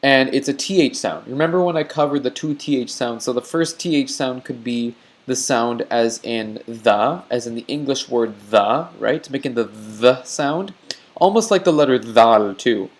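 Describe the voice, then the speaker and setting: A man's voice: medium pitch, normal speed. A man teaching an online lecture on letter sounds, patient and repetitive, stopping often to check in with "okay?".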